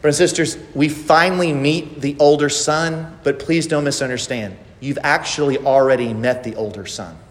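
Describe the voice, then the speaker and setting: A man's voice: a little high, moderate pace, hardly any pauses. Emphatic male preacher in a reverberant hall. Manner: emphatic, asks the listeners pointed rhetorical questions. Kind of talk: expository sermon.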